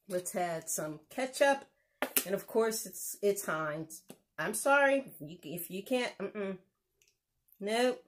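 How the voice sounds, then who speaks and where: A woman's voice: mid-range voice, slight background noise. A woman hosting a casual home cooking demonstration, chatty and exuberant, laughing often as she talks through each step. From United States. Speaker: cooking show host.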